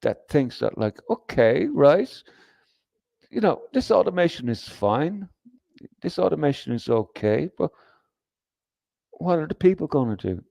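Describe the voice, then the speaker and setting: A man's voice: a little high, big pitch swings, unhurried, creaky, long pauses, mellow, no echo. A man hosting a livestream, talking in a rambling, profane, emphatic way with frequent restarts and reading comments from chat. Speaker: livestream host.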